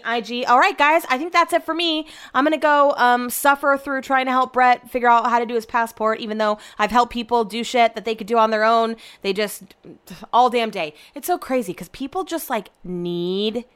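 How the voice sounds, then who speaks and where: Young woman vlogger, slightly higher voice, casual and chatty at home, swears freely. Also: smooth. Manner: chatty, swears often, animated storytelling. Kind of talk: casual chat to camera. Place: home room.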